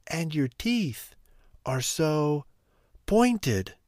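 A man voicing an innocent little girl in a high, wondering storybook voice. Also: wildly swooping pitch, measured pace, no echo, studio quality, exaggerated voice. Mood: wide-eyed.

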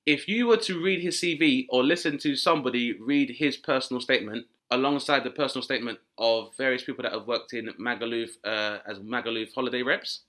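Brit guy riffing fast, bright forceful voice, keeps doing silly voices. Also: mid-range voice. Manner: animated, swings into mock voices and shouted punchlines. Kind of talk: comic rant with acted-out voices.

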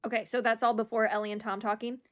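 A woman co-hosting a podcast in casual chat, excitable and laughing a lot, swearing freely as she recaps a reality show. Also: fairly high pitch, fast. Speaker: podcast co-host.

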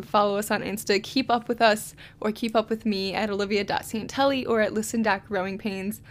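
A woman in her twenties hosting a solo podcast, talking in a heartfelt, encouraging and emotional way. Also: medium pitch. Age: 20s. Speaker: podcast host.

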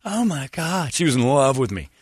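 A man's voice: mid-range voice, normal speed, husky, no echo, clean studio sound. An American man in his forties hosting a casual talk show, telling stories animatedly and slipping into mimicked voices. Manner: animated storyteller, mimics accents and other voices. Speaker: radio show host. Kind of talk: casual chat.

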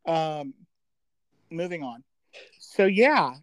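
A middle-aged man, guesting on a podcast, reminisces in casual chat with a somewhat high, sing-song, slightly bright voice. He rambles, fills gaps with lots of "um"s, and is quick to crack jokes at his own expense. The recording is rough, with no room sound.

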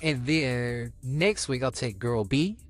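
A young man chats openly on a podcast about his own dating life, his pitch rising and dipping freely. Faint music sits under his voice. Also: slow. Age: young adult. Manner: frank, personal, lively ups and downs in pitch. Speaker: podcast co-host. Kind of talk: casual podcast chat.

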